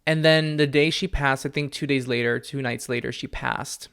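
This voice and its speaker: A young man hosting a solo podcast from home, talking candidly and earnestly, often with a soft laugh. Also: mid-range voice, fairly even intonation, normal speed, creaky, clear, resonant tone. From family from Peru. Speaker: podcast host, psychic medium. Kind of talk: reflective solo podcast talk. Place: at home with his dog.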